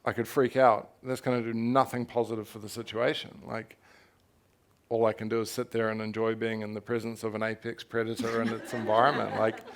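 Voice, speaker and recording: A man's voice: on the low side, little pitch movement, fairly quick. A young man from New Zealand, an author speaking candidly on stage, telling his story frankly and animatedly, with laughter and the odd swear word. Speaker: author at a festival talk. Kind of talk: candid live conversation on stage.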